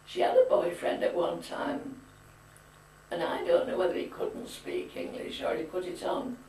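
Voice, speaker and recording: A woman's voice: fairly low pitch, wildly swooping pitch, normal speed, dark tone, a little hiss or hum. Elderly woman, chatty storyteller with firm opinions; echoey home-video sound, distant mic. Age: older. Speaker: grandmother being interviewed. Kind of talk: reminiscing casual chat. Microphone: camcorder mic. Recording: echoey room, far from camcorder mic.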